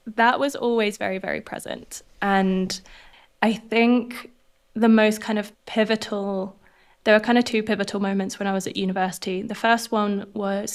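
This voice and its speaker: A woman with a posh southern English accent, a podcast guest talking in an earnest, animated way. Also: mid-range voice. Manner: earnest, animated, laughs often. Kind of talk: reflective interview conversation.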